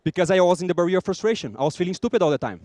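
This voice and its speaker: A man with a Brazilian accent giving a lively conference talk, acting out small scenes and joking with the audience. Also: high-pitched, very fast, no echo, studio quality. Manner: lively, acts out little scenes and jokes with the audience. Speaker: conference speaker.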